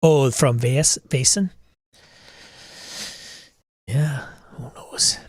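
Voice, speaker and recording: A man's voice: mid-range voice, drawn-out words, a little mellow, no echo. Middle-aged male host, casual and blunt, exasperated rants, dry close sound. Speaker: podcast host. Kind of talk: casual livestream talk.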